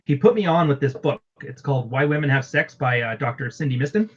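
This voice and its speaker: A man's voice: mid-range voice, lively intonation, fast, slightly rough. A man chatting casually as a podcast guest, heard over a dull, lo-fi remote connection.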